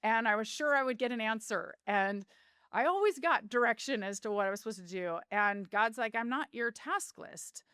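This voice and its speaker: Middle-aged woman, interview guest, earnest heartfelt storyteller, smooth clean voice. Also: on the high side, brisk, fairly bright tone, dry recording, clean studio sound. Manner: earnest, heartfelt, with vivid retelling. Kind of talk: personal storytelling in a podcast interview.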